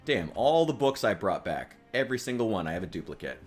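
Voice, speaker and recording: A man's voice: lowish voice, big pitch swings, a little fast, faint music behind. A man streaming a game, chatting casually in a rambling, joking way, with frequent profanity and restarts. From United States. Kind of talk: casual gaming stream chat.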